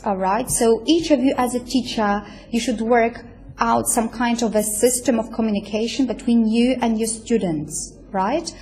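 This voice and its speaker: A woman giving a university lecture, explaining step by step with many fillers and checking in with "right?". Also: fairly high pitch. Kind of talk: recorded lecture.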